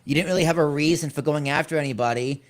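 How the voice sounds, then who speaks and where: A man's voice: on the high side, fast. A man co-hosting a wrestling podcast, giving wry, opinionated takes in casual chat. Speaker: podcast co-host.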